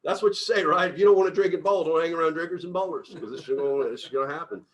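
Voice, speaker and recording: Animated, laughing middle-aged man. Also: fairly high pitch, quick pace. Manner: animated storyteller, laughs often, acts out quotes loudly. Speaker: company CEO leading a book discussion. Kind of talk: casual group book discussion.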